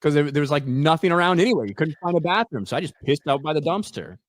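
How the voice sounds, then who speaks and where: A podcast host chats casually in a brash, profane, mocking manner. His voice is on the high side with lively intonation, he talks fast, and there's no room sound.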